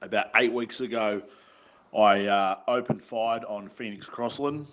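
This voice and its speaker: Slow, cocky caller. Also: male voice, lowish voice, fairly even intonation. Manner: loud, cocky, jokey. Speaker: caller leaving a voice message. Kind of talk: casual voice message.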